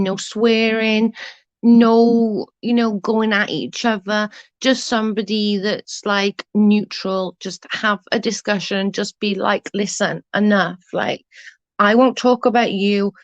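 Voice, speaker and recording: Slow-paced and steady in tone, this medium-pitched English woman chats casually on her livestream, replying to comments bluntly and with swearing. She's from England. The recording is dull, dry lo-fi stream audio.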